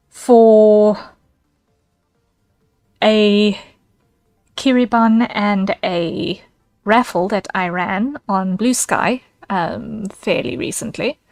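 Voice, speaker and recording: A woman's voice: mid-range voice, dry recording. A woman streaming as a VTuber, chatting casually with her viewers, giggling and thanking them by name.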